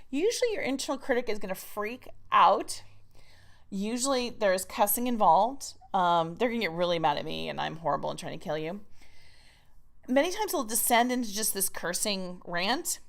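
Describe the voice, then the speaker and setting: A woman's voice: mid-range voice, very animated, normal speed. A woman teaching a recorded writing course in an emphatic, chatty manner. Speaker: writing coach.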